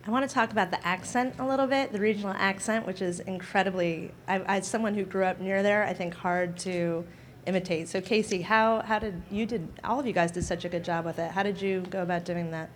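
A woman's voice: medium pitch, fairly even intonation, slight background noise. Conversational female interviewer. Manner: conversational, with quick restarts. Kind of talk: press interview questions.

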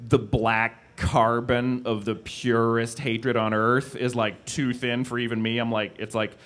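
A man's voice: medium pitch, level tone, unhurried, fairly bright tone. A man answering audience questions onstage in a rambling, self-deprecating, playful way. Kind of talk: casual onstage Q&A.

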